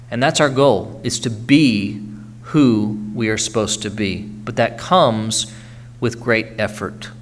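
A man's voice: fairly low pitch, unhurried. A man preaching a sermon earnestly, urging his congregation and checking in with frequent "okay?" tags.

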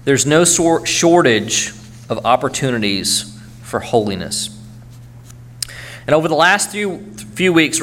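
A man's voice: mid-range voice, fairly bright tone, a little hiss or hum. A man preaching a sermon earnestly, urging his congregation and checking in with frequent "okay?" tags.

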